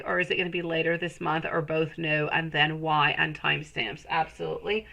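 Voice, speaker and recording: A woman's voice: low-pitched, flat delivery, brisk, gravelly, few pauses, sharp tone, low-quality recording. A woman giving a live-stream tarot reading, chatty and affectionate, calling viewers sweetie. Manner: chatty, rambling with restarts. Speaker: tarot reader.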